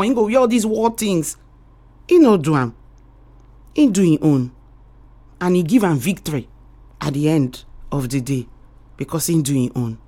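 A woman with a Nigerian accent hosting a morning radio show, giving motivational talk in a preachy way and calling her listeners darling and sweetheart. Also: low voice. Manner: rhythmic repetition, swings between loud and quiet.

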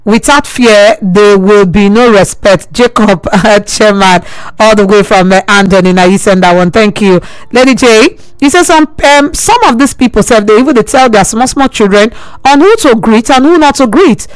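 A woman's voice: medium pitch, moderate pace, clear, resonant tone, no room sound, poor audio. A woman with a Nigerian Pidgin accent hosting a radio advice show, reading listener messages and repeating her points earnestly. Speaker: radio host. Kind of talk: call-in advice talk.

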